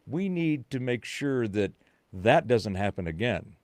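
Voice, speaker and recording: A man's voice: mid-range voice, sing-song, measured pace, dry recording. A man, a podcast guest, explaining his views in an emphatic, conspiratorial way. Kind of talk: casual chat.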